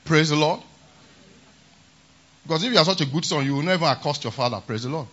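Male pastor, emphatic sermon delivery with a husky edge, muffled lo-fi conference recording. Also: on the high side, quick pace, fairly bright tone. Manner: emphatic, repeats "praise the Lord". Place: large conference hall.

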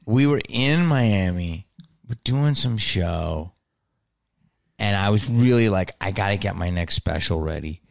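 A middle-aged man hosting a podcast, telling a profane, animated story in casual chat and acting out the quoted lines. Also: lowish voice, measured pace, gravelly. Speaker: podcast host.

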